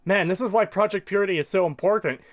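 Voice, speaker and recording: A young man co-hosting a casual commentary podcast, joking and rambling and quick to laugh. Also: high voice. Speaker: podcast co-host.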